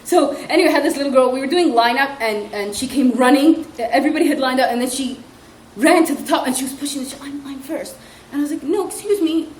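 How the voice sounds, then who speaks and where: A woman's voice: sits high, fast. A young woman who teaches English as a second language, chatting in a casual comedic vlog, giggling and mocking as she tells classroom stories with acted-out quotes. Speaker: vlogger and ESL teacher. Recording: echoey room, faint ambient noise.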